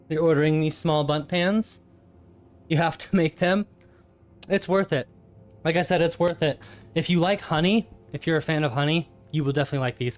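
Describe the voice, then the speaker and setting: A man's voice: a little high, dull audio. A man live-streaming from his home kitchen, chatting casually with his chat, laughing often and eating as he talks.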